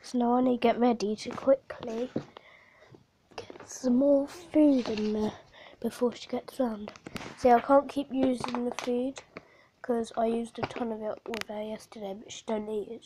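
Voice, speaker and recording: Unwell woman, whispery, high voice. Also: warm tone, slight background noise. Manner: often drops to a whisper, coos at her pet. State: unwell, short of breath. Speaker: pet vlogger. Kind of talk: casual vlog, talking to her hamster.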